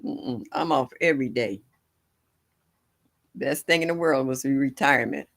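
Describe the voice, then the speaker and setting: Speaking with a bass voice that's a bit bright and has vocal fry, an older woman moves at a moderate pace. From home, over a livestream setup, she hosts a gardening stream, chatting and laughing folksily with viewers watching live.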